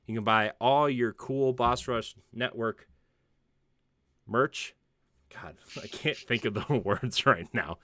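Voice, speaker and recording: A man's voice: medium pitch, slow pace, pushed and bright, dry recording, studio quality. A man hosting a gaming podcast, rambling and self-deprecating with frequent laughs, tired from lack of sleep. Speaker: podcast host. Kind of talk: casual podcast chat and show plugs.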